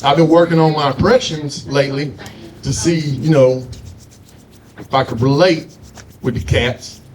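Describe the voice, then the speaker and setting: A man's voice: a little high, fairly even intonation, unhurried. A man doing a stand-up comedy set, telling loose stories with frequent asides to the crowd. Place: comedy showcase stage.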